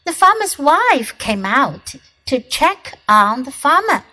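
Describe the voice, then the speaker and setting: Bright, lively woman teacher reading slowly. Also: sits high, poor audio. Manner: slow, expressive storybook reading with bilingual explanations. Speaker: English teacher for children. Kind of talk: reading a picture book aloud and explaining it.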